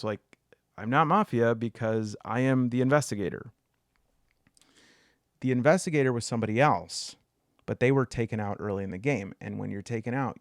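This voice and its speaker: Male solo storyteller, middle pitch, dry booth-like sound, animated and jokey. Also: dry recording. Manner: animated, jumps into high excited pitch when riled up; jokey asides, many fillers. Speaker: solo video essayist. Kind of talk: casual storytelling monologue.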